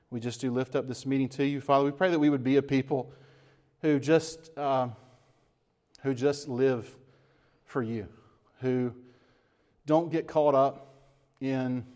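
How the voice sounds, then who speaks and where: A man's voice: mid-range voice, darkish tone. A man preaching a sermon as pastor, earnest and emphatic with repeated phrases, then leading a closing prayer.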